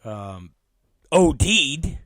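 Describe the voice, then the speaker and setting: Animated high-voiced man ranting profanely. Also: extremely slow, no echo. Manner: animated, swearing, laughing storyteller; shifts between loud outbursts and muttered asides. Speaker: podcast host.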